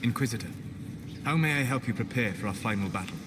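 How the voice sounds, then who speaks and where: An actor voicing a gentle, sorrowful elven male mage in a video game, speaking softly, measured and formal. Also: medium pitch, animated, heavy background noise, lightly acted. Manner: soft-spoken, measured and formal. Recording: game audio under loud music.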